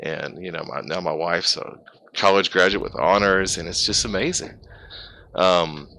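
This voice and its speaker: A man's voice: sits low, normal speed, pushed and bright, slight background noise. A man in his thirties, a pastor and streamer, giving a heartfelt, rambling personal testimony over a gaming headset. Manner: heartfelt and emotional, rambling with restarts.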